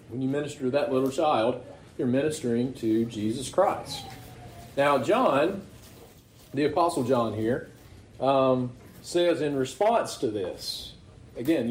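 A pastor preaching a conversational sermon, often asking the congregation rhetorical questions. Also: male voice, medium pitch, a little mellow, echoey room, slight background noise, poor audio.

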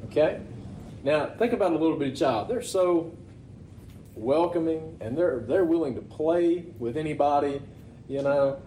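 A pastor preaching a conversational sermon, often asking the congregation rhetorical questions. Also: male voice, on the high side, moderate pace, warm tone, echoey room, a little hiss or hum, low-quality recording.

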